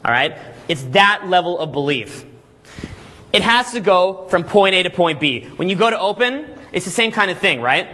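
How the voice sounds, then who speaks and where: A man coaching a live seminar group, talking energetically and checking in constantly with "okay?" and "all right?", sometimes acting out quick scenes. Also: high-pitched, sing-song, pushed and bright. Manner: acts out little scenes in quick put-on voices. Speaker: dating coach and boot camp instructor.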